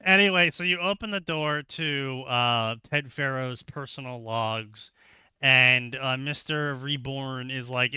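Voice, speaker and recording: A man's voice: medium pitch, steady tone, slow pace, sharp tone, clear, resonant tone, no echo. A man retelling a video game plot for comedy, laughing a lot and dropping into silly voices for the characters. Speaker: co-host recounting a game plot. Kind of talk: comedic casual retelling with acted quotes.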